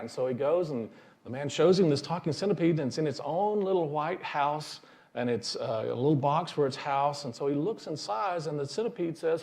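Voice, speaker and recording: A man's voice: fairly high pitch, expressive, fairly quick, a little mellow. A male minister giving a sermon in a folksy storytelling manner, chuckling at his own jokes.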